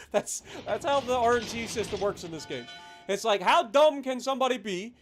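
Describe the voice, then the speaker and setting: High-voiced, profane gaming streamer. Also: male voice, lively intonation, moderate pace, faint music behind. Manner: profane, swings into loud ranting. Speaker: gaming livestreamer. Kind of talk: live gameplay commentary.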